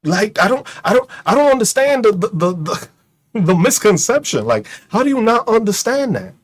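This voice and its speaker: A man's voice: high voice, sing-song, moderate pace. A man giving a mocking, profane rant as a streamer, firing rhetorical questions and laughing at his own jokes. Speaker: streamer and commentator. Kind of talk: ranting commentary to an online audience.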